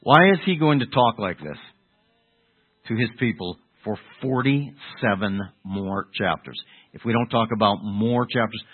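A man preaching an expository sermon, halting and correcting himself as he goes, asking the listeners rhetorical questions. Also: lowish voice, breathy edge. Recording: tinny phone-like narrow sound.

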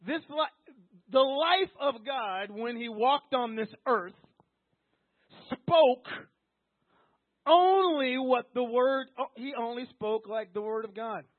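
A man's voice: very high-pitched, lively intonation, slow, pauses often, dry recording. A man preaching an emphatic, repetitive sermon, often acting out quoted voices. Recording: tinny phone-like line, dry.

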